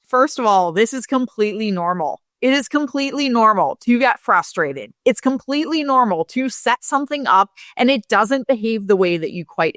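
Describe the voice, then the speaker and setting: A woman's voice: medium pitch, no echo, clean studio sound. A woman telling a candid story in a chatty, coaching style, with plenty of casual fillers. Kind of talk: casual solo talk, coaching tone.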